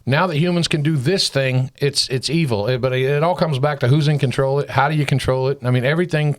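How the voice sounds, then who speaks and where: A man's voice: mid-range voice, a little fast. A man in his fifties hosting a casual church panel discussion. He rambles and retells stories using quoted dialogue. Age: 50s. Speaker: host.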